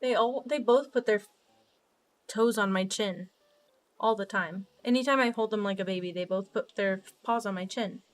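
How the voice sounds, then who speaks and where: Faint music sits behind a young woman streaming from her home desk. In a mid-range voice at a moderate pace, she chats casually with viewers and thinks aloud while playing a game.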